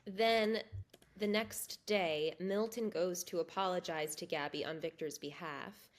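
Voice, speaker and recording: A woman co-hosting a podcast, calmly narrating plot points in casual chat. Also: on the low side, a little slow. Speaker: podcast co-host.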